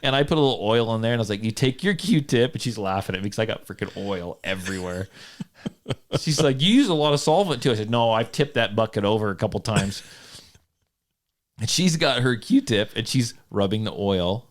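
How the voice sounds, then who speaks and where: A man's voice: fairly low pitch, animated, normal speed. A man hosting a casual podcast, telling a story with frequent laughter and self-mocking humor. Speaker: podcast host. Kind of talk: casual chat. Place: home studio.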